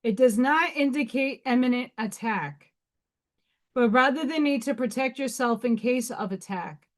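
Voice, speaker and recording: Hosting a relaxed livestream, a woman in her thirties talks unhurriedly in a slightly high voice. She's blunt and swears freely, laughing through side comments as she reads out what various runes mean.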